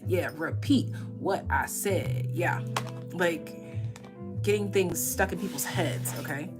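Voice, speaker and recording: Woman, tarot reader on a casual live stream, low-ish voice, loose and jokey, music playing underneath. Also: slow. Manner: chatty, rambling, swears freely and laughs at own jokes.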